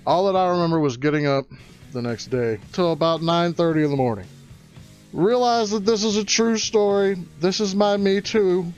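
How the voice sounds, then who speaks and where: A man telling a crude comic story, excitable and prone to loud rising outbursts. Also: high voice, normal speed, faint music behind. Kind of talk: stand-up storytelling.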